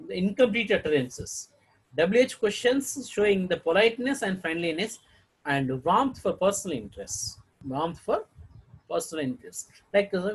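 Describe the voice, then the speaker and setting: Male teacher, husky voice with lively pitch, drills intonation examples by repeating them, clears throat often. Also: poor audio. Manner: reads each example sentence twice, clears throat often. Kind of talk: intonation lesson with read-aloud examples.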